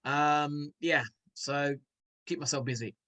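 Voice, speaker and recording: A man's voice: fairly high pitch, fairly even intonation, slow pace, pushed and bright, poor audio. A man who is a former cricketer, a guest in a casual interview, speaking hesitantly with many restarts and fillers.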